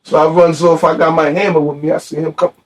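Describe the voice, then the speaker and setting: A man from Queens, New York, tells street stories as an interview guest. His slangy, defiant delivery sits slightly high in pitch. He is picked up from a distance. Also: little pitch movement, fast. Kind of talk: candid heated interview.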